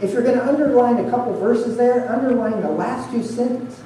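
A man's voice: extremely high pitch, a little fast, mellow, recorded from a distance, a little hiss or hum. A man preaching an Easter sermon as pastor, earnestly walking his listeners through scripture verse by verse. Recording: very echoey hall, heard from afar.

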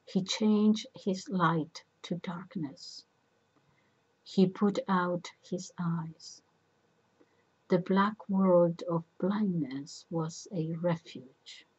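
A woman narrating a myth in a measured storybook reading. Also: on the low side, darkish tone, slightly rough, lo-fi sound.

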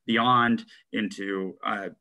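A man's voice: on the low side, steady tone, drawn-out words, pushed and bright. A man moderating a convention session, speaking hesitantly with many fillers. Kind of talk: panel moderation.

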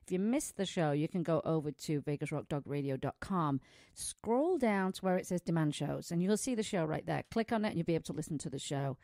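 A woman's voice: sits low, animated, brisk, mellow, no echo, studio quality. A middle-aged woman with a foreign accent, hosting a pet radio show in a chatty way and laughing often. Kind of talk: casual radio chat. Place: small studio.

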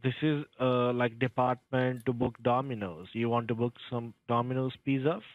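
A man's voice: mid-range voice, fairly even intonation, moderate pace. A man calls as a scammer, pressing his questions in insistent, broken phrases. His voice comes through a muffled phone line with a dull, narrow sound. There is no room echo.

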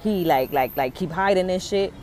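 A mother telling a story in a casual, animated way, full of swearing and drama. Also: on the low side, normal speed, slight background noise.

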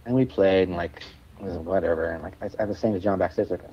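A man's voice: sits low, fast talker, lo-fi sound, slight background noise. A male musician guest telling a rambling story in a podcast interview, with plenty of restarts and fillers.

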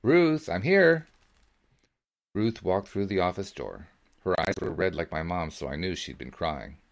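A man reading a book aloud as a podcast host, narrating in the first person in a measured, steady way. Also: sits low, vocal fry. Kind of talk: audiobook-style reading.

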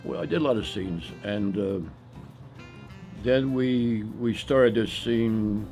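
An older man with a New York accent picked up over a Southern upbringing reminisces about his early acting days. His voice sits low, and his telling is rambling and anecdotal, full of pauses and fillers. Faint music plays under the recording. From Southern US, Tennessee. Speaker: actor telling his life story. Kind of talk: reminiscing interview monologue.

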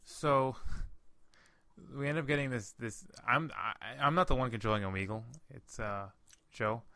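A man's voice: medium pitch, normal speed, sharp tone, no room sound. A young man hosting a casual podcast chat, rambling through a story with fillers and swearing. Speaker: podcast host.

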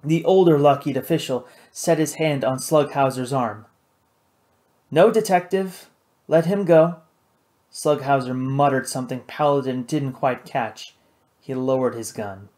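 A man reading an adventure novel aloud in steady, measured scripted narration. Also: mid-range voice. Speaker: audiobook narrator.

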